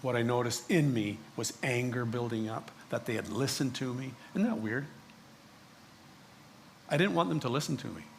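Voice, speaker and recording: Animated, theatrical male preacher. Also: medium pitch, normal speed, gravelly, slight background noise. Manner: swings from hushed pleading to loud exasperated ranting; theatrical, speaks in character as the prophet. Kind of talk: dramatic first-person sermon retelling.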